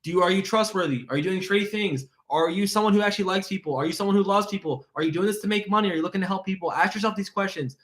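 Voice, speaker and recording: An energetic man coaching live, his voice pitched a little high. He talks fast and excitedly and keeps piling on rhetorical questions and repetition, like a motivational speaker. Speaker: insurance sales coach.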